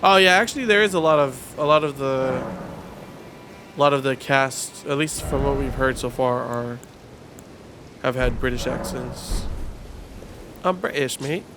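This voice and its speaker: A man giving casual live commentary while streaming a game, talking to his chat in an excitable, rambling, slangy way. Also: medium pitch, moderate pace, noisy background. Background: game music.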